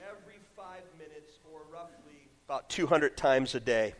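A man preaching a sermon in a church. He reads scripture loudly and then drops into quiet, joking asides as he tells stories. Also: medium pitch, normal speed. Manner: animated storytelling, swings from loud scripture reading to quiet asides. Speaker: pastor. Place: church sanctuary.

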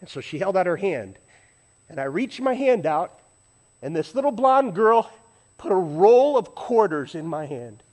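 Animated middle-aged preacher, high voice. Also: male voice, measured pace. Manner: animated, swinging from hushed to loud and excited. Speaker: pastor. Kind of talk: storytelling sermon.

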